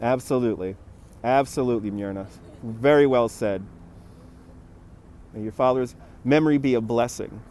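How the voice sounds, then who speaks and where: In his forties and from New York, the host of this live walking tour chats casually by a city harbor, greeting viewers by name and reading their comments. His mid-range voice is a little mellow, his pace moderate with frequent pauses, and the phone on its handheld gimbal picks up traffic behind him.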